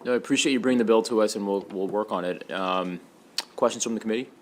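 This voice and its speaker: A man's voice: lowish voice, fast, slight background noise. A man chairing a legislative committee hearing, brief, friendly and procedural.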